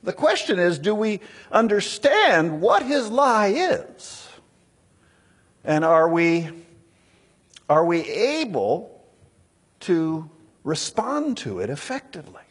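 A man preaching a sermon, teaching slowly through a text and acting out quoted lines. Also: high-pitched, slightly rough. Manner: animated, acts out the serpent's lines in a raised voice.

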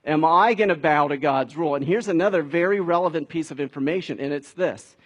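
A man's voice: fairly high pitch, fairly quick, husky, muffled recording. A man preaching a sermon in a conversational way, building to emphatic peaks. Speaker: pastor.

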